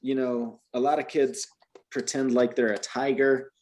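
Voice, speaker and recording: A man's voice: medium pitch, little pitch movement, a little slow, darkish tone. A man from the United States teaching a beginner Spanish lesson, explaining patiently with frequent restarts. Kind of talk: one-on-one language lesson.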